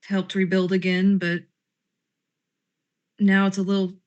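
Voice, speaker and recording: A woman's voice: medium pitch, completely flat delivery, measured pace, darkish tone, dull audio. A woman playing a tabletop game, talking in character in a grumbling, sarcastic, rambling way. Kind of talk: in-character role-play chat.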